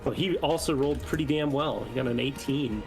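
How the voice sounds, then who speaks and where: Gravelly, easygoing man at the game table. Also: mid-range voice, a little mellow, faint music behind, low-quality recording. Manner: easygoing, quick to laugh. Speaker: player. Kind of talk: casual tabletop game chat.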